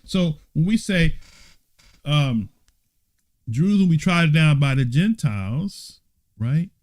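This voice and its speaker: A man's voice: a little high, expressive, a little slow, a little mellow, no echo. A man teaching a Bible study. He reads passages aloud and breaks off for teasing, mock-surprised asides with laughter.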